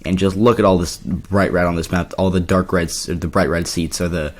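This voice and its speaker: A man with a slightly hoarse voice, talking casually through an election map with lots of fillers and restarts. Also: sits low, fairly even intonation, a little fast. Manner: rambling, filler-heavy, self-correcting. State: slightly hoarse from yelling at a party. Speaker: political commentary YouTuber. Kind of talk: casual explainer commentary.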